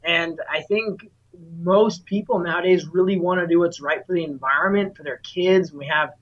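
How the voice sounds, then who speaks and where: Answering interview questions, a solar sales dealer speaks with earnest enthusiasm about what he does. He sounds fairly high and a little bright, talking at a normal speed, though the lo-fi recording is slightly dull.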